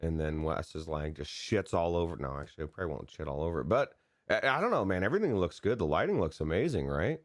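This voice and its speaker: A man with a very low voice co-hosts a gaming podcast, chatting casually about gaming news. He rambles excitably and fast, often restarting sentences, recorded dry and close to the mic.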